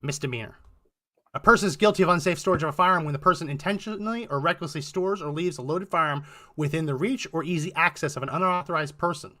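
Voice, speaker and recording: Male podcast co-host, higher bright voice, reads documents aloud with wry commentary. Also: fast.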